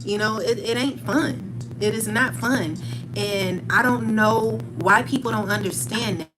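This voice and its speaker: A woman tarot reader giving viewers a spiritual pep talk. She speaks in a calm, steady monotone, rambles with repeated filler phrases and uses blunt, casual slang. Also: medium pitch, a little slow, noisy background. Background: background music.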